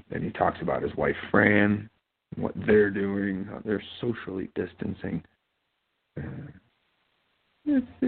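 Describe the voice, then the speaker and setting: This podcast host from Ohio, his voice low, creaky, and slightly rough, hosts a laid-back talk show. He mumbles, rambles, and restarts often amid many fillers, all captured with a tinny sound like a phone line.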